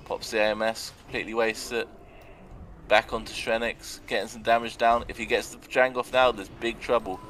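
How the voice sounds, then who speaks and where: A young man giving sarcastic, excitable commentary on a video game match and swearing now and then. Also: lowish voice, moderate pace, a little hiss or hum. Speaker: arena commentator.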